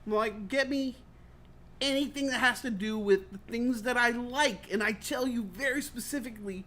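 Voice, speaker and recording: A man hosting a talk show, telling comic stories in a casual, animated way, swearing freely and acting out voices. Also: very high voice, normal speed. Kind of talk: comedic storytelling chat. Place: studio or stream set.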